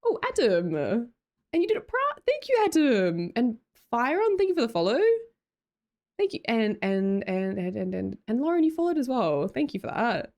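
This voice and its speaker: A young woman with an Australian accent chats on her live stream, answering chat and thanking viewers with a teasing, laugh-filled and casually sweary manner. Her voice sits fairly high and swoops up and down animatedly. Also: big pitch swings, moderate pace, darkish tone, faint music behind. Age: young adult.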